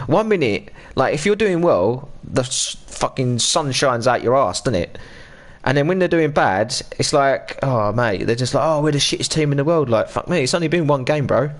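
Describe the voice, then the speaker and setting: A man in his thirties with an English accent talks casually while he plays on a live stream. He rants and swears freely, and his voice sits at an ordinary middle pitch. He chats in a loose, unscripted way. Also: expressive, normal speed. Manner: ranting, sweary, chatty.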